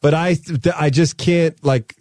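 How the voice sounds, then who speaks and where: Rambly podcast guy telling stories about his kids, mellow voice, dry mic. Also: a little high, fairly even intonation, measured pace, dry recording. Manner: rambling storyteller, acts out his sons' voices. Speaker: podcast host. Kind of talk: casual chat.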